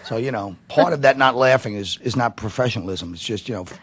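A comedian from Brooklyn telling stories in a casual interview, rambling with many fillers. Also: male voice, medium pitch, fast talker, a bit bright, slightly rough. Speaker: comedian guest.

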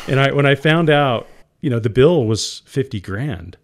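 A man's voice: mid-range voice, lively intonation, moderate pace. A middle-aged man as an interview guest, telling a personal story candidly, emotional at times and laughing often. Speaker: entrepreneur guest.

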